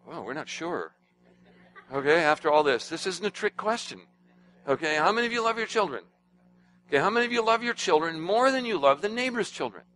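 Bright-voiced preaching man. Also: sits high, brisk, rough recording. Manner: animated preaching that swings between hushed and emphatic, quizzing the congregation. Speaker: pastor. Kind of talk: sermon.

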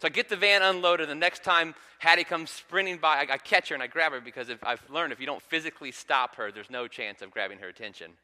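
A man in his thirties preaching a sermon in a church, telling a family story in a relaxed, conversational way. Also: on the high side, fast talker, few pauses. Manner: conversational storytelling with frequent ums. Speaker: pastor. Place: church sanctuary. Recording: long hall reverb.

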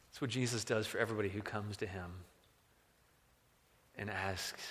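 A man preaching a sermon as pastor, moving between hushed reflection and loud, impassioned exclamation. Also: lowish voice, steady tone, moderate pace. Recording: reverberant hall.

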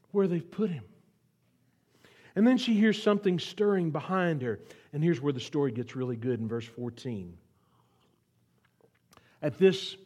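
With a slightly rough, somewhat high voice, this man preaches as a guest pastor. His delivery moves from loud pleading to quiet whispers, and he has the congregation repeat lines back to him.

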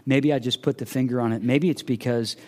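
A man's voice: medium pitch, fairly even intonation, brisk, a little mellow. A man preaching a sermon, earnestly asking searching questions and acting out the voices of imagined listeners. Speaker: pastor.

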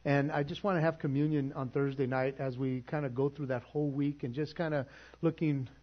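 A middle-aged man preaching to his congregation, telling a story with animated quoted voices before moving into prayer and announcements. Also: mid-range voice, fairly quick, muffled recording. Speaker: pastor. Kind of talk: sermon. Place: church.

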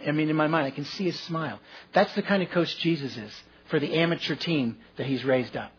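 A man's voice: fairly high pitch, breathy edge, muffled recording. A man preaching a sermon as pastor, telling folksy stories with self-deprecating humor.

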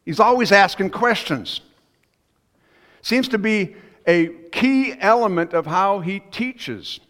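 A man's voice: high voice, animated, takes it slowly, a bit bright. Man preaching with a hall echo. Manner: conversational storytelling, musing asides. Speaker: pastor. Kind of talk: sermon. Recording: long reverb of a church hall.

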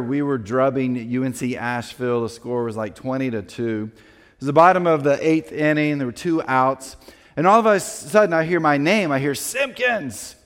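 A man preaching a sermon as a pastor, telling a personal story in a lively way and acting out the people in it. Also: mid-range voice, long reverb tail. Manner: animated storyteller acting out quoted voices.

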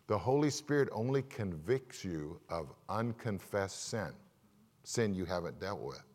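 A male pastor giving an animated sermon in church, asking the congregation questions and acting out stories. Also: fairly low pitch. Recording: long reverb of a large hall.

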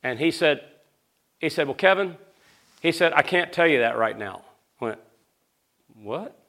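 A man preaching a sermon, swinging between loud, rising questions to the crowd and low, hushed storytelling. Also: expressive, normal speed, vocal fry.

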